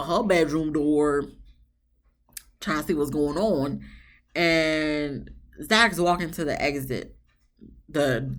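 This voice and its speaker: Woman, somewhat low voice, casual recap, animated storytelling, slangy. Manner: animated storytelling, acts out quotes from the episode; slangy, chatty. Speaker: reality TV reviewer.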